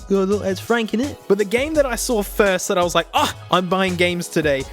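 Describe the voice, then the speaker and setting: An Australian man hosting his own channel, chatting casually in an excitable, slangy way and chuckling often. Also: sits high, fairly quick, faint music behind. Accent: South Australian. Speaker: tech channel host. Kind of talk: casual vlog talk to camera.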